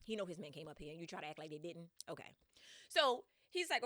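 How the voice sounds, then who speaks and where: A woman's voice: fairly low pitch, fast talker, dry recording, clean studio sound. A woman hosting a podcast, retelling a story in casual slang with lots of energy and laughs. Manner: slangy, animated, laughs often. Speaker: podcast host.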